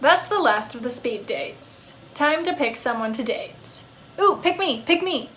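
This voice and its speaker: An eager male ghost dog, loud and bouncy, cracking jokes in a high, bright voice, as a woman puts him on. His delivery stays unhurried despite all the energy, with a faint hum of noise behind him. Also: animated. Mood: excited.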